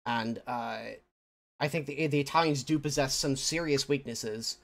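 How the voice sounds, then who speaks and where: A man's voice: medium pitch, normal speed. Man giving opinions with lots of ums. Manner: opinionated, hesitant with many fillers. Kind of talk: casual gaming podcast chat.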